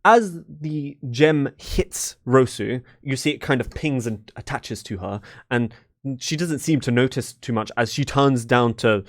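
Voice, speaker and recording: A man's voice: mid-range voice, unhurried. Young male game master, informal narration, rambling delivery. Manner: loose, with many fillers and restarts. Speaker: dungeon master.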